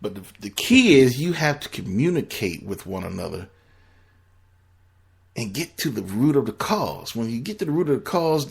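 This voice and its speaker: A man's voice: medium pitch, vocal fry, husky. A man giving blunt, profane relationship advice in a casual, rambling monologue.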